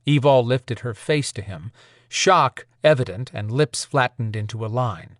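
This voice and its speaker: A man giving steady, measured scripted audiobook narration at a close mic. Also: medium pitch, dry recording.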